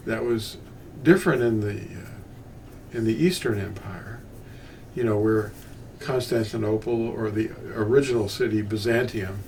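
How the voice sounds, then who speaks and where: Older man, bible teacher, unhurried, rambling asides, distant mic, faint room noise. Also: on the low side. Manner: meandering, with frequent restarts and asides. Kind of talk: unscripted teaching talk.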